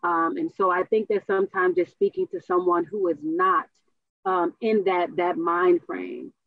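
A woman co-hosting a casual talk show, telling stories with animated asides and voice impressions. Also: on the low side, unhurried, dry recording. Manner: animated storyteller, mimics voices. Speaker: co-host. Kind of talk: casual chat. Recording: tinny phone-like sound.

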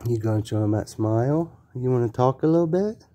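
A father in gentle, coaxing, sing-song baby talk with his infant. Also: medium pitch, animated, brisk.

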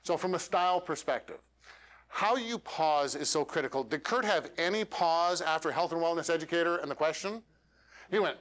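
A man coaching a meetup audience on pitches, animated and demonstrating lines with dramatic pauses. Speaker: speaker coaching elevator pitches. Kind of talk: workshop coaching talk. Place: meetup room.

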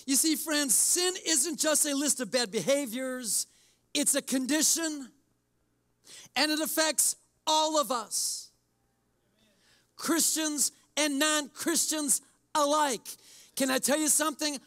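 A man's voice: extremely high pitch, slow, pauses often, sharp tone. A man preaching a sermon as pastor in a church service, exhorting in a conversational way and addressing the congregation directly.

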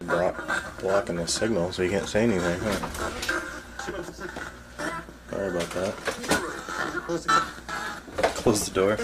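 Low, slow-talking man coaxing spirits. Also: steady tone, heavy background noise. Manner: coaxing, asks questions and thanks unseen spirits. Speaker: paranormal investigator. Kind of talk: casual ghost-hunting session. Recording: loud music under the voice.

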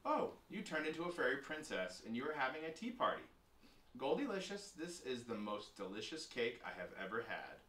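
A man voicing an excited, bossy little girl who talks in high, animated squeals. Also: brisk, echoey room, distant mic, slight background noise.

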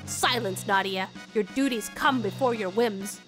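A woman's voice: medium pitch, unhurried, a bit bright, soft background music, voice pushed down, close to an everyday voice. A woman voicing a stern, lecturing older king scolding his daughter. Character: stern gruff older male king, father.

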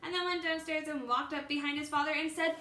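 Teacher reading aloud to kids, woman, bright voice, echoey room. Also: high-pitched, fairly even intonation, quick pace. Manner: storytelling, with small slips and ums. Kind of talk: reading a picture book aloud.

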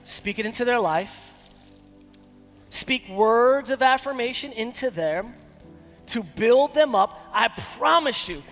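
A man preaching a sermon as pastor, emphatic, with dramatic pauses. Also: very high-pitched, fairly bright tone, big-room sound. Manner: acts out quoted dialogue in shifting voices. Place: church sanctuary.

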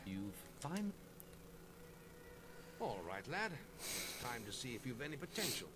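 An actor playing a gruff older male guild master who trains a young recruit in a video game, brisk and commanding. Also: mid-range voice, sing-song, very noisy. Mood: instructive. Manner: brisk, commanding, calls the player lad. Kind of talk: video game cutscene dialogue. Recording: game audio with loud music.

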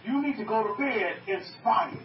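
Speaking at a moderate pace in a high voice, a North American preacher addresses an online group with emphasis, echoing his own phrases and questioning his listeners. The audio is distant, muffled, and echoey, with a little background noise.

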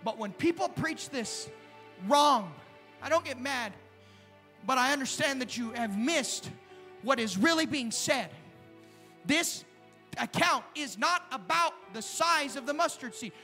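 A man preaching a live sermon in a church, impassioned and often shouting, at times dropping to a hush. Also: extremely high pitch, animated, unhurried, pauses often. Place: church sanctuary during a live service. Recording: long hall reverb with faint music.

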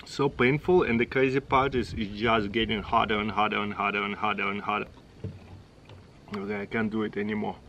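A man's voice: on the low side, little pitch movement, a little fast, fairly bright tone, dull audio, a little hiss or hum. A middle-aged man with a Russian accent, a native Russian speaker, hosting a casual taste-test vlog and chatting in short, exclaiming phrases. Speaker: channel host.

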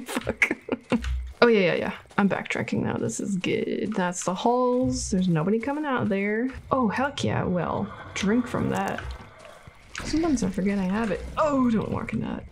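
A woman giving let's play commentary on a game, reacting out loud, swearing and laughing often, and yelping when startled. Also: a little high, measured pace, slight background noise. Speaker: gaming video creator.

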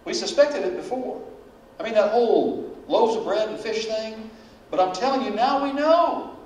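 A high-voiced male pastor preaches a dramatic sermon, leaning into the prayers and dialogue he quotes. His voice rings through a very reverberant church hall, caught from a distance with faint noise behind it. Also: normal speed, darkish tone. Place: church sanctuary. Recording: very echoey church hall, voice from far off.

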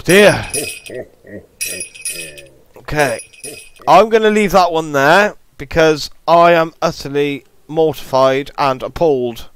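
A man's voice: a little high, clear, resonant tone, no room sound. A man commentating a horror game as he plays, swearing and muttering, with jittery, frightened outbursts. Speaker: gaming YouTuber.

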